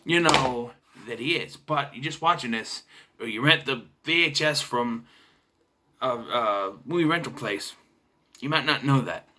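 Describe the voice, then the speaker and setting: A young adult man casually reviewing a movie, chatty and sarcastic, sometimes clearing his throat. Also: mid-range voice, measured pace, bright, forceful tone, a little hiss or hum.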